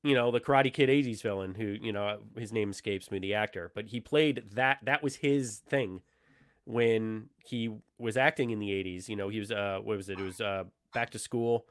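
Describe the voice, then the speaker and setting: A man's voice: on the low side, moderate pace. Rambling man on a podcast. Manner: loose and rambling, many restarts and fillers. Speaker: podcast co-host. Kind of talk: casual film chat.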